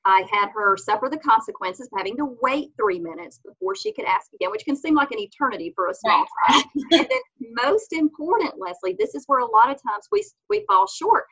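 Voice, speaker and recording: A woman guest on a faith-based parenting podcast, explaining earnestly and acting out the gentle words she says to her children. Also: high voice, very animated, brisk, few pauses, slightly rough, low-quality recording. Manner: earnest, explanatory, acts out mother-child dialogues.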